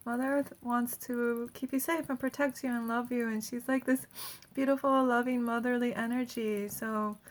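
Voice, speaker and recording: A woman energy healer giving a casual guided healing talk, chatty and laughing often between phrases. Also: on the high side.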